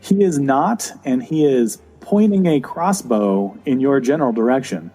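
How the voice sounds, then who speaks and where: A man runs a tabletop game as dungeon master, setting scenes with loose fillers and pauses. His mid-pitched voice is dark and mellow. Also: animated, soft background music, low-quality recording. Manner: describes scenes with fillers, drops to a low voice for villains.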